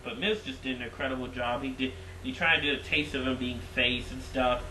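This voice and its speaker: A man reviewing a wrestling show in casual recap style, excitable and rambling, repeating himself. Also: mid-range voice, fairly quick, roomy sound, a little hiss or hum, poor audio.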